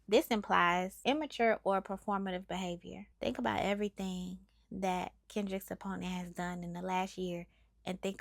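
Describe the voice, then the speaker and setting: A woman host talks through lyrics in a steady, analytical, scripted way. Her voice carries a gravelly, fry-touched texture. The sound is dry and close, with no room around it. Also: medium pitch, dry recording. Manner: measured, analytical, explanatory.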